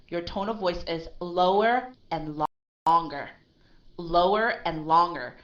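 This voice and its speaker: A woman's voice: on the low side, a bit bright, highs cut off. A woman teaching English one-on-one, emphatic and always checking with "right?". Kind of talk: one-on-one language lesson.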